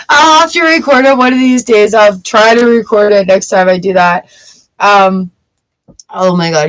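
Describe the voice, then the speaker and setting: The recording is rough, carrying a young adult woman's mid-range voice at a moderate pace. She hosts a live tarot stream, chatting casually and animatedly telling funny stories, laughing often as she goes.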